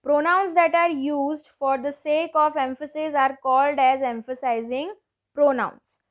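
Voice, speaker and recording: High-voiced woman teaching grammar slowly. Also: steady tone, lo-fi sound. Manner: slow, deliberate, repeats each rule patiently. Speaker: school teacher. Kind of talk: grammar lesson for children.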